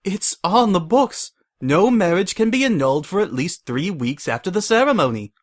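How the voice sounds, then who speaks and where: A man's voice: sits high, big pitch swings, normal speed, pitched above the performer's own voice. A man voicing a sly, giggly mare pony mayor who fakes sympathy.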